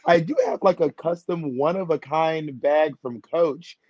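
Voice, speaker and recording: A man's voice: on the high side, measured pace, a little mellow, no echo. Playful chatty man on a dull line. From United States. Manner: playful, self-mocking, talkative. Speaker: drag performer guest. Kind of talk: casual interview chat.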